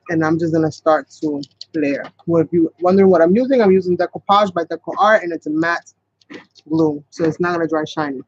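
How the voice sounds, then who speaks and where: A man hosting a casual live craft tutorial, chatting and rambling as he works and talking straight to his viewers. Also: high-pitched. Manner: chatty, rambling, talks to viewers as "you guys". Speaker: craft channel host. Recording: dull, lo-fi, dry sound.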